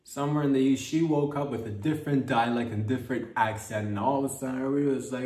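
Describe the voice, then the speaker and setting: A man's voice: medium pitch, steady tone, fast talker, hardly any pauses, a little mellow, recorded from a distance. Comic man, rambling and playful, heard from across a roomy space. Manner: playful, riffing, drifts into mock accents. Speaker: comedy podcast host. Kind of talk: rambling comedic monologue. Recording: roomy sound from off-mic.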